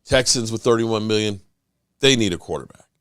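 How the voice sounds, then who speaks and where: A man hosting a sports podcast in casual talk, emphatic and animated, often restarting his sentences. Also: on the low side, brisk, smooth, dry recording, studio quality.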